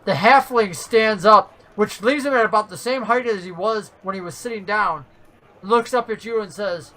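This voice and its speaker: Bright-voiced woman game master. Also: medium pitch, normal speed, a little hiss or hum, poor audio. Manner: lively, playful, laughs often. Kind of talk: narrating a tabletop game.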